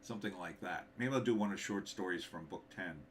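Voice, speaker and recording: A middle-aged man, slightly hoarse, hosting a casual livestream, thinking aloud and reading out viewer comments with hums and fillers. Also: sits low, brisk, a little hiss or hum. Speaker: livestream host, author.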